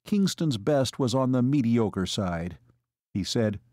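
A man's voice: mid-range voice, expressive, slow pace, darkish tone, no echo. Man narrating an audiobook, dry sound. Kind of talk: scripted narration.

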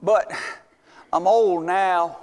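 Older man in his seventies, folksy preacher, high-pitched, stammers and whoops, sermon in a reverberant church. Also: steady tone, drawn-out words. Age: 70s. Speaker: visiting missions preacher. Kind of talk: storytelling sermon. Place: church sanctuary.

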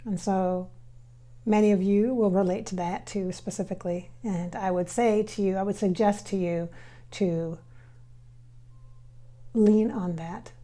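Soft-spoken halting woman with a mellow voice. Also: medium pitch, steady tone. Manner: halting, filler-heavy, addresses viewers directly; often drops to soft, near-whispered asides. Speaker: spirit medium. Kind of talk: casual channeling session.

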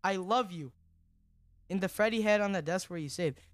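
A young man streaming a horror game, jumpy and excitable, who repeats himself in slangy bursts and drops to a whisper when tense. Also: high voice, normal speed, no room sound, clean studio sound. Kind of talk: live gaming commentary.

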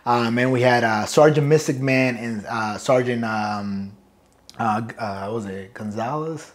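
Marine veteran. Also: male voice, mid-range voice, a little slow. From Brooklyn, New York. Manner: profane, loose, laughs through anecdotes. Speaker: guest, retired Marine sergeant major. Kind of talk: casual storytelling interview.

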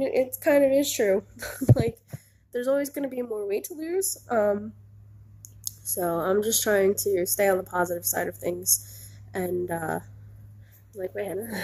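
A young woman vlogging with a stuffy, nasal sound from a cold. Her voice is mellow and a little husky, and she rambles through a casual update with plenty of ums and likes. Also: medium pitch, steady tone, unhurried, pauses often. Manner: rambling, lots of ums and likes, laughs easily. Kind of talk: casual chat.

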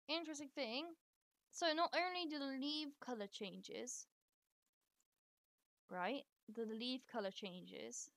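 Streamer: woman, high bright voice, chatty and sweary, dry close sound. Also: dry recording. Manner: chatty, swears, talks to her game characters; excitable bursts of squealing. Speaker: live streamer. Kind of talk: casual gameplay commentary.

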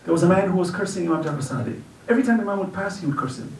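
A man giving an earnest storytelling religious lecture at a community celebration, dropping low and soft whenever he quotes someone. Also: animated, very fast, slight background noise. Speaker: guest speaker at a religious celebration. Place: community center hall at an event. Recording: echoey hall picked up from far off.

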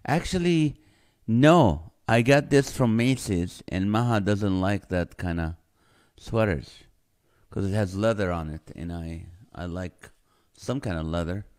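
A man's voice: mid-range voice, smooth. A man hosting a casual livestream from home, greeting viewers by name and joking as he reads their comments. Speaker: livestream host. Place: home in California.

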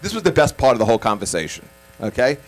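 A stand-up comic from Staten Island, delivering a punchy set with quick asides, then chatting casually in an interview. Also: male voice, mid-range voice, sing-song, rough recording. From Staten Island, New York.

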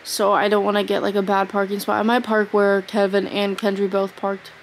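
Teen girl vlogging at home on her phone, super tired, rambly and full of "like", bit of quiet background hum. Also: mid-range voice, monotone, fairly quick, poor audio. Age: teens. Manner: rambling, tired, filler-heavy talk. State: exhausted. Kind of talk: casual vlog chat. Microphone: phone camera.

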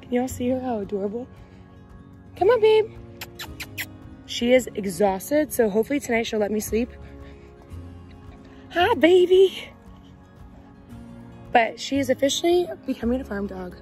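A woman with a fairly high voice chats casually to her viewers in a vlog. She keeps slipping into cooing baby talk with a puppy, recorded at home and outdoors on a farm. Soft music plays faintly in the background. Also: fast talker, few pauses. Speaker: vlogger.

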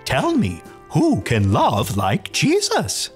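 A woman voicing a friendly owl storyteller who speaks in slow, sing-song rhymes for a children's church puppet show. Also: low voice, huge pitch swings, soft background music, full character voice. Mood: gentle.

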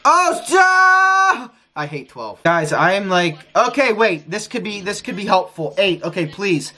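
A man's voice: high voice, moderate pace, husky. Frustrated guy streaming roulette, keeps begging the wheel, voice jumping all over. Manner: excitable, pleads with the wheel, repeats himself. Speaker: gambling streamer. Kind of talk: live casino session commentary.

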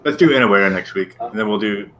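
Man, very low voice, blunt, ranting, heavy swearing, casual co-host. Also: fast talker, a bit bright, a little hiss or hum. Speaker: show co-host. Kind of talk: casual profane chat.

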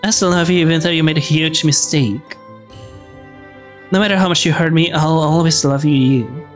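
An unsettlingly gentle friend who forgives everything, as a man puts on the voice. The tone is soft and soothing, lifted a little above his usual register. Faint game music plays underneath. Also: fairly high pitch, steady tone, normal speed, close to an everyday voice. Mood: soothingly sweet.

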